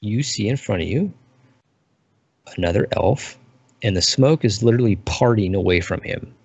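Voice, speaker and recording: A man narrating as dungeon master, describing scenes in a relaxed, unhurried way. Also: fairly low pitch, vocal fry, slightly rough, no echo. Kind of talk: narrating a tabletop game. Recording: muffled lo-fi recording.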